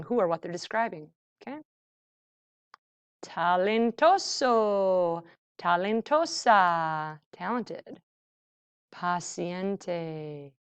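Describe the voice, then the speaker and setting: Slow, clear-voiced woman teaching vocabulary. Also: medium pitch, no room sound, lo-fi sound. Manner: slow, deliberate word-by-word modeling with English glosses. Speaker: Spanish teacher. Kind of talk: vocabulary lesson.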